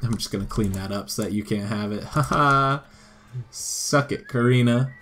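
A man's voice: medium pitch, moderate pace, a bit bright, slight background noise. Playful man commentating a game. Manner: playful, sarcastic, talks to the characters. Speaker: gameplay commentator. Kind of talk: let's play commentary.

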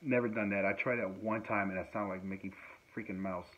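This casual chat comes from a musician and podcast host at home, who rambles with lots of fillers and laughter. His lowish voice is steady and fairly bright, moving a little fast. Faint noise sits under a dull, lo-fi recording.

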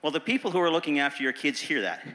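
A lively, engaging man from Nova Scotia talking on a conference panel. His voice sits fairly high and sounds bright. A long hall reverb trails behind him. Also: very fast. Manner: lively, engaging, crowd-working. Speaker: panelist, teachers' union president. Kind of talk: panel talk.

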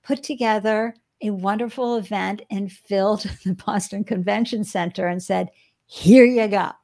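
Gravelly-voiced woman hosting an interview. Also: mid-range voice, steady tone, moderate pace, a little mellow. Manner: chatty, addresses listeners directly. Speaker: podcast host. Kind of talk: casual interview. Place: Boston.

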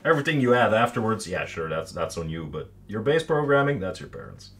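A man's voice: fairly low pitch, very animated, fairly quick, fairly bright tone. A man chatting casually with his viewers during a painting stream, making dry sarcastic jokes. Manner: joking, dry sarcastic asides.

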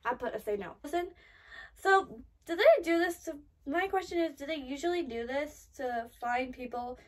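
A high-voiced woman reacts to an anime episode as she watches it, excitable and fretful, swinging between gasps, swearing and cheering. She sits a little back from the mic, so her voice sounds slightly distant. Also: moderate pace. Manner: excitable, gasps and frets aloud, swears often. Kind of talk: live anime reaction commentary.

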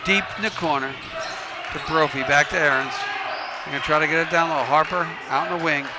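A man calling a high school basketball game from the gym, his voice a touch higher than most. He rattles off passes and shots and drops in coaching tips. Loud gym noise and bouncing balls sit under his voice. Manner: rapid play calls with coaching asides. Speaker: play-by-play commentator. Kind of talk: local sports commentary. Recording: noisy gym ambience. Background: game crowd and ball bounces.

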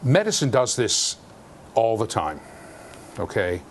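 A man giving a university lecture in an animated, jokey way, with sudden loud outbursts. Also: fairly low pitch, slow pace, a little hiss or hum. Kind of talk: classroom lecture. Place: lecture hall.

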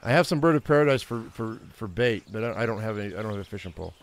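A man's voice: fairly low pitch, expressive, racing. Frustrated man muttering over gameplay. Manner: talks to himself, easily frustrated, swears. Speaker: gaming channel host. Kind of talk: casual gameplay commentary.

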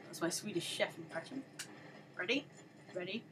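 A woman's voice: mid-range voice, unhurried, long pauses, background noise. A woman doing let's play commentary, sarcastic and exasperated, egging on her game character. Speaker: gaming channel host.

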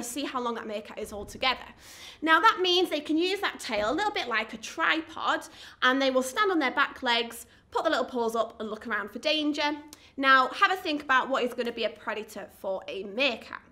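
A woman's voice: sits high, pushed and bright. A woman, working as a zoo educator and giving an upbeat, encouraging lesson to children at home.

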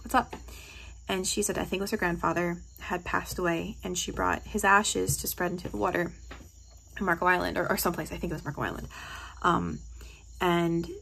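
A woman's voice: fairly low pitch, gravelly, fairly bright tone, a little hiss or hum, low-quality recording. A woman from New Jersey talking casually into her phone for a vlog, telling stories in a gushing, emotional way. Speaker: vlogger. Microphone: phone held close.

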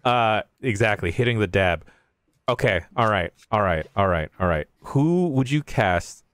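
An easygoing man hosts a casual hangout and keeps the conversation moving with questions. His voice is smooth and clean, at a middling pitch. It is recorded close and dry. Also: expressive, measured pace, a bit bright, no echo. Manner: easygoing, steering the chat with questions. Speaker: host. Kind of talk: casual hosting banter.

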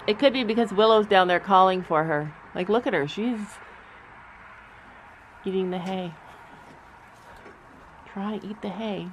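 A woman's voice: mid-range voice, a bit bright, a little hiss or hum. Young woman vlogging with her horse. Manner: chatty, nervous, soothing a horse. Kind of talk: casual vlog narration. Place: horse trailer outdoors.

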